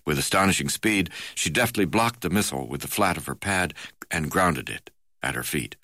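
Deep-voiced guy reading a nature memoir out loud, steady pace, dry close sound. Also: moderate pace, no echo. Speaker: reader.

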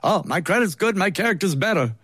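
A man's voice: sits high, lively intonation, a little fast, a bit bright, slight background noise, pitched above the performer's own voice. Man putting on a blunt old New York Yiddish jeweler. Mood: wry. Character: elderly male jeweler, blunt and shrewd.

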